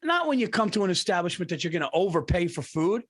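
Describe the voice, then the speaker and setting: Podcast co-host, middle-aged man, slightly high voice, animated profane ranting storyteller. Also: fast. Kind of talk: casual comedic storytelling.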